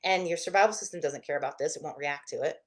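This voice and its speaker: Woman, therapist, casual teaching talk, expressive, acts out inner voices, somewhat low pitch. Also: fast.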